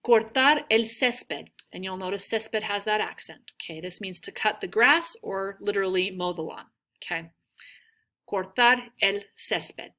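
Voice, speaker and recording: Woman teacher, bright tone, patient drilling of words, mid-pitched. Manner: models words slowly, prompts repetition. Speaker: Spanish teacher. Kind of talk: recorded classroom lesson.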